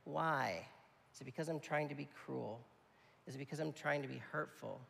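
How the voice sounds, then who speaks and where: Preaching with emphasis but in a conversational way, this male pastor often checks in with the congregation. He speaks at a normal speed in a mid-range, fairly bright voice with some vocal fry. The recording carries a long hall reverb.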